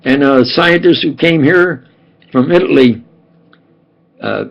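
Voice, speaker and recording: A man's voice: a little high, animated, slow, gravelly, lo-fi sound. An older man from New York with a New York accent, rambling emphatically and repeating himself in a home monologue. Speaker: self-styled scientist and preacher.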